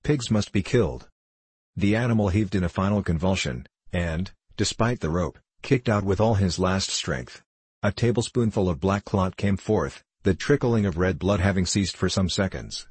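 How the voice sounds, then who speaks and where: A man narrating a classic novel in a steady, measured way. His voice is very deep with a husky edge. The sound is close and dry. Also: dry recording. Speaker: audiobook narrator. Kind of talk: scripted narration.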